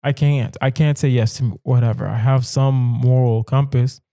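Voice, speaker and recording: Smooth-voiced man riffing solo on a podcast. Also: mid-range voice, fairly even intonation, normal speed, mellow, no echo, studio quality. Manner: riffing, addresses listeners directly, mock-serious asides. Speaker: comedian podcast host. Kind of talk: solo comedic monologue.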